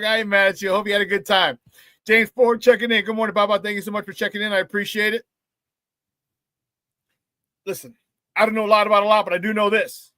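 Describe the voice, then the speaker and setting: Upbeat guy hosting a sports talk show, kinda high voice, dry close sound, jokey and loud with the chat. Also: no room sound. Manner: hype, playful, talks to the chat and laughs often.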